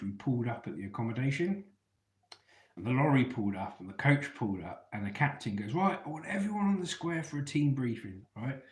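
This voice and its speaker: A man telling stories in a casual, chatty way, calling his listeners mate as he goes. His voice sits at an ordinary middle pitch. The room around him rings with echo. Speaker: ex-soldier live-stream host. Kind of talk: casual live-chat storytelling.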